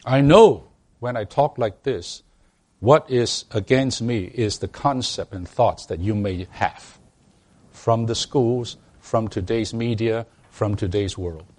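A man's voice: lowish voice, slow, darkish tone. A man preaching a sermon to a congregation, emphatic, often restarting his words and asking them rhetorical questions. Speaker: pastor.

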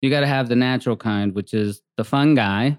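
A man's voice: medium pitch, fairly quick, clear, resonant tone, dry recording, studio quality. A man talking casually on a podcast, telling rambling stories full of fillers and restarts. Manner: rambling, animated storytelling with many fillers. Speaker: podcast co-host. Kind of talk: casual chat.

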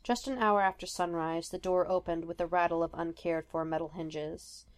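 A woman reading a story aloud in an even, measured narration. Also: fairly low pitch. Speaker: podfic reader.

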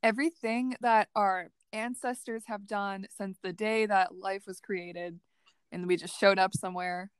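A young woman co-hosting a casual podcast, reflective and drawn-out when making a point. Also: mid-range voice, fairly even intonation, clean tone, no echo. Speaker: podcast co-host. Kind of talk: casual chat.

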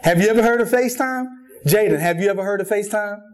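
A man with a high-pitched voice preaches at a quick pace in a church sanctuary. His sermon is lively, full of jokes, stories, and lots of repetition.

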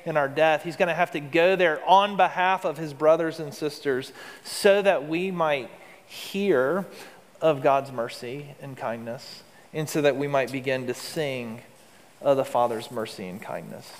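A man's voice: on the high side, a little slow, in a large hall. A man preaching a sermon as pastor, in an earnest, conversational way with rhetorical questions.

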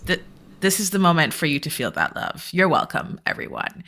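A woman co-hosts a casual podcast recap, talking bluntly and sarcastically. Her voice sits a little low but swings through a wide, animated range. It has a bright, forceful edge. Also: brisk. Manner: blunt, sarcastic, swears freely. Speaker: podcast co-host. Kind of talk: casual reality-TV recap chat.

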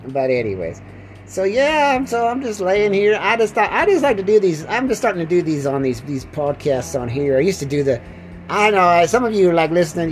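A man's voice: sits high, poor audio. A man hosting a casual podcast, rambling and repeating himself while joking around as he lies down. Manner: rambling, repeats words, jokey. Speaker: podcast host. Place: lying down indoors.

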